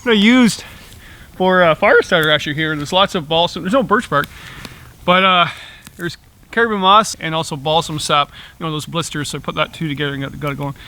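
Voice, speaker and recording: Speaking fairly quickly in a bright, forceful voice on the high side, a middle-aged vlogger chats while cooking at camp. He's brewing tea over a small stove in the woods, laughing often between wandering asides.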